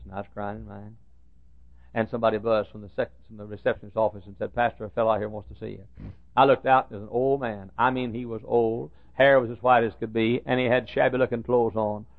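An older male pastor preaching a sermon full of folksy stories, with a gravelly voice, swinging from loud preaching to hushed asides. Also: fairly low pitch, no echo. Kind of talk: sermon with storytelling. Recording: tinny phone-like sound.

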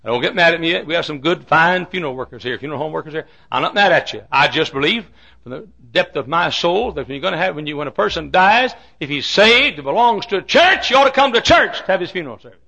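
A man preaching a fiery sermon, swinging from shouts to hushed asides. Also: fairly high pitch, lively intonation, fast talker, creaky, lo-fi sound. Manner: fiery preaching with sudden shouts and drops to quiet. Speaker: pastor.

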